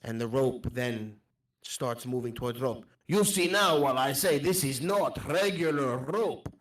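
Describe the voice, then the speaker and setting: A man playing a friendly, formal traveler mage who speaks in halting phrases and leaves out small words. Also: mid-range voice, lively intonation, fairly bright tone. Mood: earnest. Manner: halting formal speech, drops articles. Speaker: player. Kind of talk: tabletop role-play.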